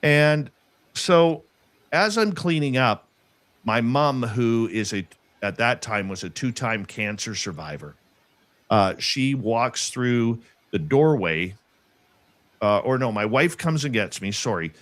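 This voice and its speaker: A man earnestly telling a personal story in casual conversation, halting and restarting as he goes. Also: mid-range voice, lively intonation, a bit bright, no room sound.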